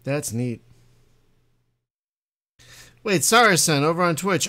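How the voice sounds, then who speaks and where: Man, game stream host, casual chat, jokey, laughs a lot, very animated pitch. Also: normal speed. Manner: jokey, laughs often, tries silly voices. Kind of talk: casual chat while playing a board game.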